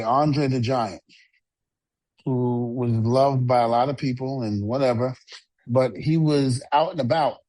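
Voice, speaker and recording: A blunt middle-aged man co-hosting a casual podcast chat, often repeating words as he goes. His voice sits at an ordinary pitch and is recorded dry, with little room sound. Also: a little mellow, dry recording. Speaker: co-host and retired wrestler.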